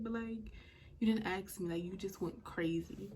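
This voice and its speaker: Young woman with a mellow voice. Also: medium pitch, moderate pace, slightly rough. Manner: chatty, lots of "like". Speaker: vlogger. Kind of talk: casual storytime.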